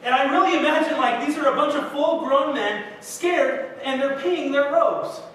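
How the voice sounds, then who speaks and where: With an extremely high-pitched, fairly bright voice and a moderate pace, a young man preaches as pastor, entertaining his congregation with easygoing, self-mocking stories. Faint noise and heavy echo mark the distant recording in the church sanctuary.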